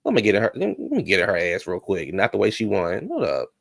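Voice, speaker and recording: Sassy gravelly man dishing reality TV gossip. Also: fairly low pitch, huge pitch swings, quick pace, no room sound, studio quality. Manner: sassy, gossipy, talks back at the show. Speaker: reality TV recap host. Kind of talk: casual recap commentary.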